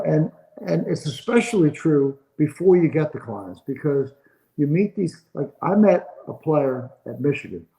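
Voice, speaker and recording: A man's voice: fairly high pitch, dark tone, rough recording. An older man, a sports agent being interviewed on a podcast, telling a long story and acting out the dialogue of the people in it.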